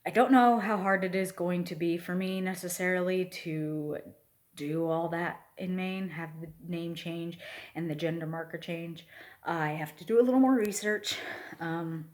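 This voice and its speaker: A trans man with his pre-testosterone voice, talking slowly and heartfelt in a personal video update, halting with many pauses and fillers. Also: high voice. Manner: soft, heartfelt. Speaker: vlogger.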